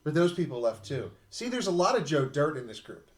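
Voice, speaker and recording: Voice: medium pitch, brisk. A player at a tabletop game, cracking jokes at the table. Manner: jokey, lively. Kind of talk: joking table talk.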